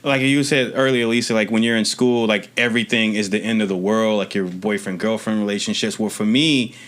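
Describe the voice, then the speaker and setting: A man's voice: fairly low pitch, steady tone, a little fast, a bit bright. A young man from Maryland, a podcast co-host, telling a personal story in casual chat, earnest and rambling with many restarts and casual swearing. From Maryland, USA.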